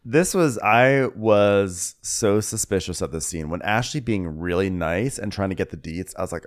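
A man with a lowish voice co-hosting a podcast. He chats casually and slips into put-on voices when he quotes people. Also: sing-song, normal speed. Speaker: podcast co-host. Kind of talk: casual recap chat.

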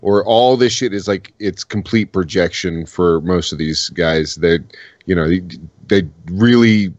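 Man, very low voice, casual podcast chat, profane, rambling, dry close mic. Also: unhurried, darkish tone, no room sound, muffled recording. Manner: profane, rambling, lots of restarts. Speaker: podcast co-host.

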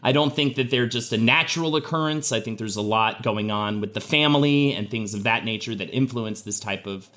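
Male podcast co-host, bright forceful tone, animated and loose. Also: mid-range voice, a little fast, few pauses. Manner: animated, laughs often, trailing restarts. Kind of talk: casual podcast chat.

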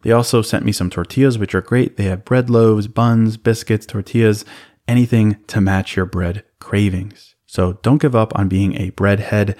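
A man hosting a podcast, reading a sponsor spot in a relaxed, conversational first-person way. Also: lowish voice, normal speed. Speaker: podcast host. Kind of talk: host-read sponsor spot.

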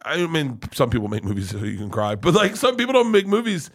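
A man talking excitedly as a guest comedian in casual podcast chat, swearing and rushing. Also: on the high side.

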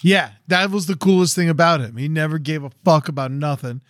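A man co-hosting a podcast chats casually and rambles with many fillers. His voice is fairly high, a bit bright, and a little fast, with clean studio sound and no room sound.

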